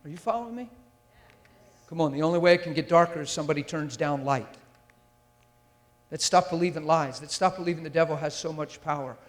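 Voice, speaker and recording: Male preacher, high-ish voice, fiery and emphatic, long hall reverb on the mic. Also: a little fast, pauses often. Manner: intense and emphatic, with rhetorical questions to the audience. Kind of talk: sermon. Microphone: handheld or stand mic.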